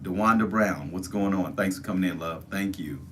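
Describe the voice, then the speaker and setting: Livestream host, man, very low voice, chatty and pleading, soft music under. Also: a little fast. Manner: coaxing, repetitive, urging viewers to join chat. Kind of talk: casual livestream chat.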